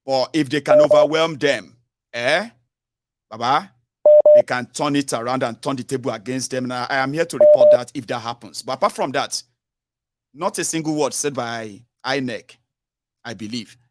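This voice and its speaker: A man's voice: mid-range voice, moderate pace, background noise. A man with a Nigerian accent hosting a political call-in show, talking urgently and repeating himself, with lots of fillers and tag words. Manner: urgent, repetitive, fillers and tags like "oh" and "sure you get". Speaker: talk show host.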